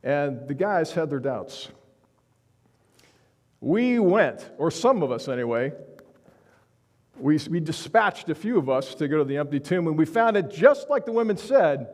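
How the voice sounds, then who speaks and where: Male pastor, sermon, earnest and emphatic, slightly high voice, reverberant sanctuary. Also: big pitch swings, unhurried, pauses often, darkish tone. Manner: earnest, emphatic preaching with frequent restarts. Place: church sanctuary.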